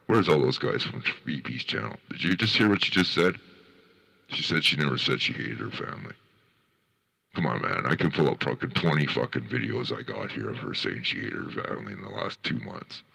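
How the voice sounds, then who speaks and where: A man's voice: a bass voice, lively intonation, fairly quick, creaky, bright, forceful tone, slightly rough. A man hosting a livestream, giving scornful, swear-filled commentary on clips he plays. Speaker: livestream host reviewing clips. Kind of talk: profane reaction commentary.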